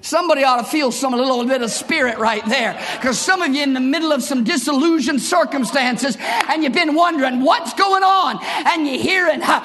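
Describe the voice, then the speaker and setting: A male pastor preaching to a church congregation, his voice sitting unusually high and ringing with a bright, forceful edge. He moves between measured scripture storytelling and passionate, shouted declarations. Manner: impassioned preaching that rises into shouted bursts. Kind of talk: sermon.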